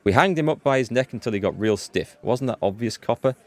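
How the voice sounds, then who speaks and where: A man's voice: mid-range voice, expressive, brisk, close to an everyday voice. A man reading the lines of a smug, taunting male gang boss in a game. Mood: mocking. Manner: taunting, matter-of-fact.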